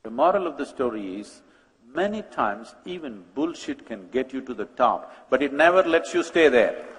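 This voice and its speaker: A man's voice: mid-range voice, big pitch swings, moderate pace, big-room sound. A man giving a public spiritual talk, questioning the audience with dry humor. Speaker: spiritual speaker.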